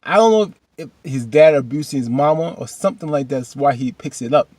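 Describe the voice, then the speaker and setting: A man's voice: a little high, a little fast, a little mellow, no echo. A man casually recapping a TV episode, chatty and slangy, rambling with restarts.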